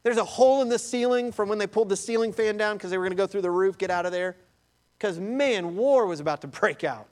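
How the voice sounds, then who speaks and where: Male pastor with a high, lively sermon delivery and a storyteller's energy. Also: fast talker. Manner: animated storytelling, addresses listeners as beloved.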